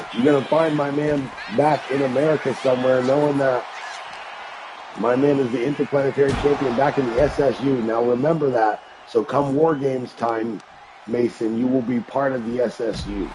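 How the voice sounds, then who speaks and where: A man doing hyped play-by-play commentary on a live-streamed wrestling game, rising into shouts on big moments. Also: mid-range voice, noisy background. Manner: hyped announcer delivery that rises to shouts.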